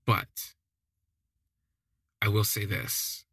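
A man's voice: lowish voice, extremely slow, fairly bright tone, slightly rough, dry recording. A man hosting a podcast, telling a first-person story casually and wryly, with plenty of "like" fillers. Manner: chatty, lots of "like" fillers, wry. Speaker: podcast host.

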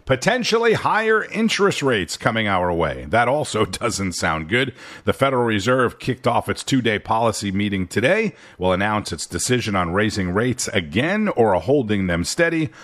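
A man's voice: on the low side, sing-song, moderate pace, fairly bright tone. A man hosting a daily news brief, reading headlines with wry asides. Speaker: news host.

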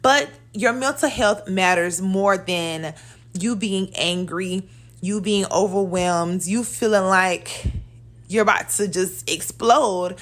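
A woman in her thirties hosting a solo podcast, talking candidly and in a chatty, animated way. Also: medium pitch, slow pace. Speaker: podcast host. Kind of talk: casual solo podcast talk.

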